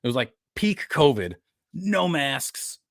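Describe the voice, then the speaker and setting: Lively New man telling stories. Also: a little high, takes it slowly, gravelly, no room sound, clean studio sound. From New York. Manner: animated storyteller who acts out what others said. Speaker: podcast host. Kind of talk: casual podcast chat.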